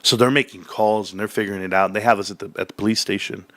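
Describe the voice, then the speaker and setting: This man speaks quickly, and there's no room sound in the clip. Chatting casually about his childhood, he laughs frequently and brings the old voices to life in a high, eager pitch.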